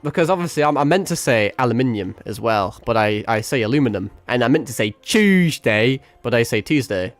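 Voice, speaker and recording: Playful British man, lively rambling stream talk. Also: medium pitch, fast, few pauses, no room sound, faint music behind. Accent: British, with mixed American and South African hints. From Britain. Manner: playful, rambling, swears freely, laughs often. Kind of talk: casual game stream chat.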